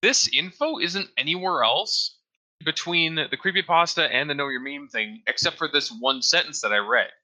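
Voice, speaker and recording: Relaxed male podcast co-host, very bright sharp tone, reads notes. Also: a little high, moderate pace, rough recording. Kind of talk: casual chat.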